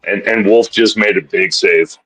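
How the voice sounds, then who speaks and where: A man co-hosting a live hockey betting stream, chatty and excitable, laughing often. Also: fairly low pitch, normal speed, husky, no echo. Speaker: co-host of betting show. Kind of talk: casual live betting chat.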